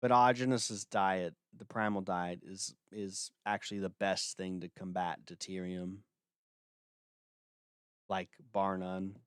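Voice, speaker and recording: A man's voice: sits low, little pitch movement, slow pace, clear, resonant tone, no echo, clean studio sound. A man hosting a livestream, talking casually in a blunt, dismissive way with lots of filler words. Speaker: livestream host.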